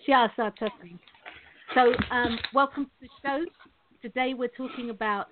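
Chatty high-voiced woman over a tinny line. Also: fairly even intonation, moderate pace, noisy background. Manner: chatty, rambling, laughs often. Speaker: show host and coach. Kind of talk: live online talk show.

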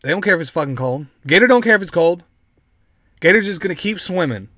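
A male podcast host with a somewhat high voice, joking and swearing freely as he reads stories aloud. The sound is dry and close, with no room at all. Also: fast, dry recording. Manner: joking, profane, animated. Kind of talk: casual podcast chat, reading news aloud.

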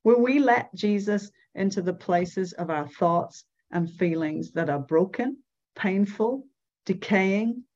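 A woman giving devotional Bible teaching, reading scripture aloud and explaining it slowly. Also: medium pitch, darkish tone, dull audio. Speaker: speaker at a church gathering.

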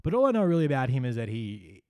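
An Australian man hosting a satirical comedy monologue, with a dry, sardonic delivery and pauses. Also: mid-range voice, big pitch swings, darkish tone, dry recording. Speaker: comedian host.

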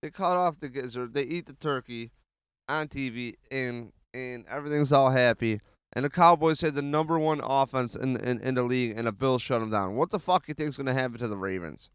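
A man hosting a casual sports podcast, swearing often and rambling excitedly with restarts, speaking into a handheld mic. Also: medium pitch, a little fast, clean tone, no echo, clean studio sound. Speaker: podcast host.

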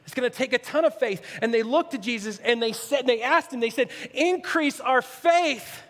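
A male pastor preaching a sermon with earnestness, swinging from near-shouts to hushed, low asides. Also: moderate pace. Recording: long reverb, echoey hall.

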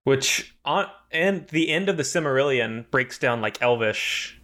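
Bright-voiced man talking fast. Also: medium pitch, lively intonation. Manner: enthusiastic, quick, explains at length. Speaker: podcast co-host. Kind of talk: casual chat.

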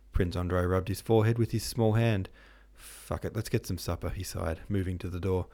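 Low, gravelly man, relaxed slangy audiobook reader. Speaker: podcast host and reader. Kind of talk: casual modern retelling of a classic novel.

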